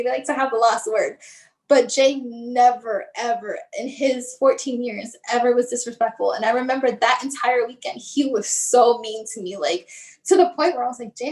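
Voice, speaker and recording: Female guest, high voice, halting emotional storytelling, lots of "like", acts out quotes. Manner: halting, restarts often, fills with "like"; acts out others' lines in her retelling. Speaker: guest, bereaved mother.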